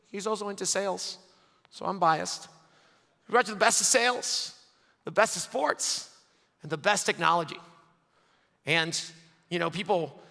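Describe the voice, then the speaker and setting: A high, bright-toned man delivers an excitable conference keynote from the stage. His voice rings with a forceful edge. Long reverb from a big hall trails every phrase. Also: gravelly. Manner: energetic, excitable, laughs often. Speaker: conference host giving closing remarks.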